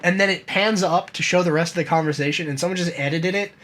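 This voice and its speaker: Rambling through casual chat on a podcast, this young co-host laughs frequently and swears plenty. He talks fast, his voice sitting high and sounding a bit bright.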